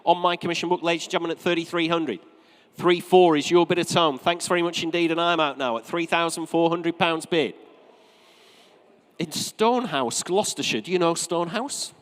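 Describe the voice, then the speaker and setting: A man from North East England with a light regional accent, calling bids at a live auction from the rostrum, with brisk repetitive patter and joking asides. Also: on the high side, a bit bright. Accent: North East English. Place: auction sale room, from the rostrum. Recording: long reverb of a large sale room.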